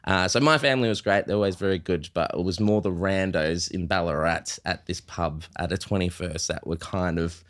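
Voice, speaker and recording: A man's voice: low-pitched, fairly quick, hardly any pauses, fairly bright tone. An Australian man in his thirties, a podcast co-host telling rambling stories in casual chat, with frequent fillers.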